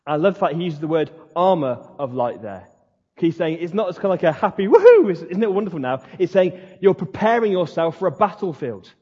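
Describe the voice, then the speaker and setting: With a high, slightly husky voice that sounds a little mellow, a man preaches a fiery, emphatic sermon as a pastor, using dramatic pauses. Lo-fi, dull audio captures the long echo of a big hall.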